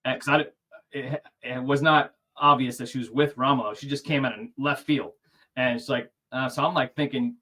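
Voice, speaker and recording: A man in his forties, speaking at an average pitch, telling a personal story over a video call. He is animated and voices the other people in his story, with little chuckles as he goes. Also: moderate pace. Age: 40s. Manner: animated, acts out quoted dialogue, chuckles. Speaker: interview guest. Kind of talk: casual storytelling.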